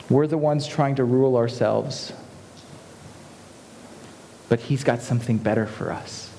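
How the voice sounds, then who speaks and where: A man's voice: mid-range voice, warm tone, slight background noise. A young adult man preaching a sermon earnestly, building to emphatic passages. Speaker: pastor. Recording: long reverb of a hall.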